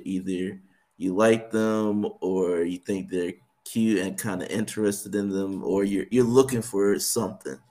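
Male co-host, earnest explainer, lower voice, casual chat. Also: a little mellow. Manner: earnest, explains his reasoning step by step. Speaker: podcast co-host.

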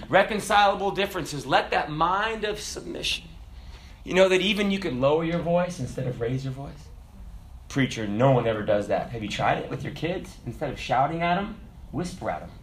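A man preaching a sermon in an animated way, swinging from loud exclamations to hushed asides. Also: high-pitched.

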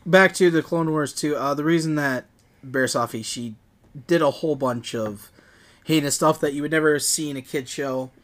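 A man's voice: on the high side, moderate pace. A young man co-hosting a podcast, chatting enthusiastically and rambling with lots of fillers. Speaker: podcast co-host. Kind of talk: casual chat.

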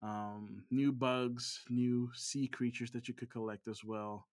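A man's voice: medium pitch, fairly even intonation, slow pace, darkish tone. A man co-hosting a casual gaming podcast, talking in a rambling way with frequent ums and restarts. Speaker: podcast co-host.

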